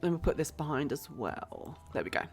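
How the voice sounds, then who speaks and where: A woman's voice: sits low, animated, fairly quick, a little mellow, slightly rough, faint music behind. A British woman streaming a life-sim game, chatting casually, thinking aloud and greeting viewers in her chat. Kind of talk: casual gameplay commentary.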